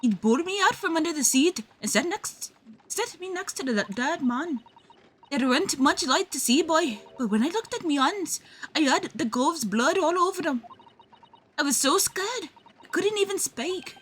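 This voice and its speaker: A woman's voice: animated, normal speed, a bit bright, slight background noise. A woman voicing a scrappy, defensive young street girl with a put-on Cockney accent while reading game dialogue aloud. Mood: confessing. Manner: high, pushy, clipped street slang.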